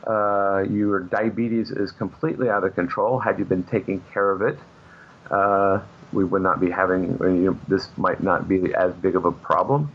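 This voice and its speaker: A man's voice: sits low, fairly even intonation, moderate pace, slight background noise. A man, a comic book artist, telling long anecdotes in a casual interview, with lots of fillers and restarts. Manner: rambling anecdotes with many fillers. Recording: muffled lo-fi audio.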